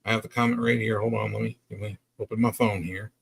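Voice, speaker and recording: A man's voice: on the low side, level tone, fast, creaky, a bit bright, a little hiss or hum. A man co-hosting a casual wrestling review podcast, talking bluntly and with a lot of swearing. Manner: blunt, profane, dismissive. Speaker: podcast co-host.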